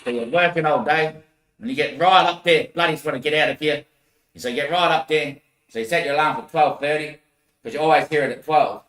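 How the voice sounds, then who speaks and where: A man rambling through a loose, laughing monologue with casual swearing. His voice is bright and carries a roomy echo. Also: fairly high pitch, fairly quick.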